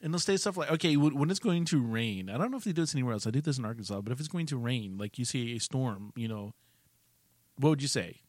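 A man co-hosting a casual podcast, joking and teasing his co-host and laughing easily. His voice swings up and down with animated pitch. He is recorded close and dry, with no room sound. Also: fast talker, no room sound. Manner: jokey, laughs often, teasing.

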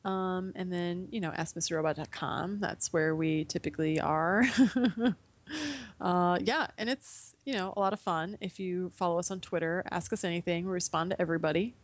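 A woman's voice: fairly low pitch, steady tone, moderate pace, no echo. A young woman in casual chat as a podcast guest, laughing often and acting out her own reactions. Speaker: podcast guest from a gaming website.

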